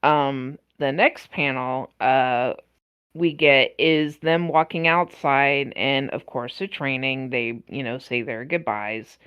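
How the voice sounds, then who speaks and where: Woman podcast co-host, low and slow, laid-back reading of comic lines. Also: clean tone, muffled recording. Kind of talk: casual chat, reading comic dialogue aloud.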